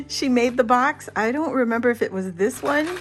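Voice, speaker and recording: A middle-aged woman vlogger chatting casually and excitedly as she unboxes a birthday gift, gasping and laughing. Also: a little high. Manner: excited and giddy, many gasps and laughs. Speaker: crafting vlogger.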